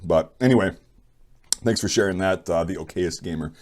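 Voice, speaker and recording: With a low, darkish voice at a moderate pace, a young channel host reads out viewer stories and offers blunt opinions, rambling casually.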